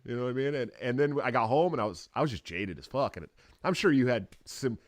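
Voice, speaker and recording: Male podcast guest, mid-pitched voice, laid-back and rambling, swears freely, dry close sound. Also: animated, brisk, dry recording. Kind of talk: casual chat.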